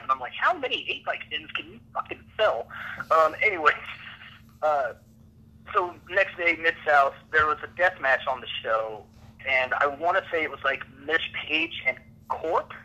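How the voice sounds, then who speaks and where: A man's voice: on the high side, pushed and bright, low-quality recording. A man casually telling a rambling backstage story on a podcast, often laughing between lines.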